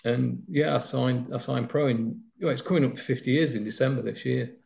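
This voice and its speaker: Briskly and with a creaky, darkish voice of medium pitch, a man from Nottinghamshire recounts his football days. The interview is rambling and anecdotal with many fillers, and the lo-fi sound is slightly dull.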